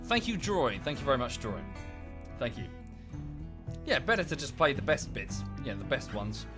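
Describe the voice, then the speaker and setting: A man's voice: mid-range voice, sing-song, normal speed. A man chatting casually while live-streaming a game at home, often thinking aloud and thanking viewers. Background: background music.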